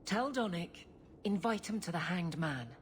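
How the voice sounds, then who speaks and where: A woman's voice: on the low side, expressive, normal speed, a little hiss or hum, close to an everyday voice. An actress playing a stern female guard captain who speaks bluntly but grows flustered about romance. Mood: earnest. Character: stern woman guard captain, awkward in love.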